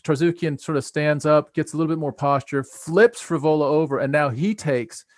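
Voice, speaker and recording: A man with an American accent, co-hosting a live stream and giving casual, excited play-by-play of a fight, full of filler words. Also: fairly high pitch, moderate pace, no echo, studio quality. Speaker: stream co-host.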